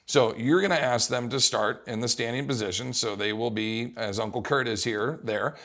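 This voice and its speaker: A young adult man coaching fitness, explaining an exercise test in a casual, lively way. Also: medium pitch, moderate pace. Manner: casual, animated, acts out coaching calls. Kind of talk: instructional talk.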